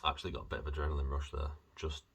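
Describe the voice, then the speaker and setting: Very deep-voiced British man, husky. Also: fairly even intonation, very fast, a bit bright. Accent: British English. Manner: rambling, chatty and self-mocking. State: dry-mouthed from fasting. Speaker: vlogger. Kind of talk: casual video diary.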